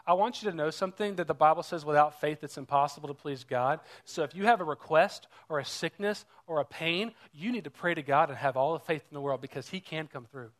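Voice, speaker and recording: A man's voice: on the high side, brisk, hardly any pauses. A man preaching a sermon as pastor, earnest and urging, repeating rhetorical questions to the congregation.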